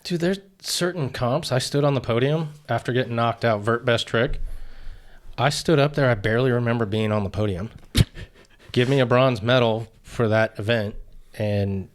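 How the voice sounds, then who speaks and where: A man in a studio interview, telling animated stories, acting out quotes and laughing often. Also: medium pitch, normal speed. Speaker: guest, retired pro BMX rider. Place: podcast studio.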